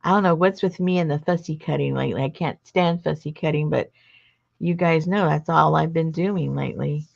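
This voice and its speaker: Woman chatting away while crafting, kinda gravelly, dull lo-fi audio. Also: sits low, fairly quick, darkish tone. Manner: rambling, chatty, self-interrupting. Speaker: craft livestream host. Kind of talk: casual chat while crafting.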